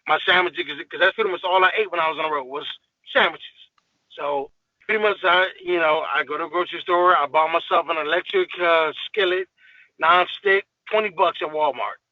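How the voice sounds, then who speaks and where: A man's voice: fairly high pitch, fairly quick, dry recording, highs cut off. A man guest on a podcast, ranting in a heated, profane, emphatic way in casual talk.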